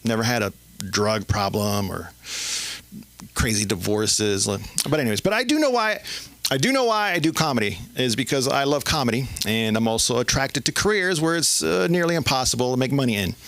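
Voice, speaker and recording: Middle-aged male stand-up, lively up-and-down pitch, rambling and halting, dry close sound. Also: dry recording. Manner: rambling, halting delivery with many fillers. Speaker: stand-up comedian. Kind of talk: open mic stand-up. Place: comedy club stage.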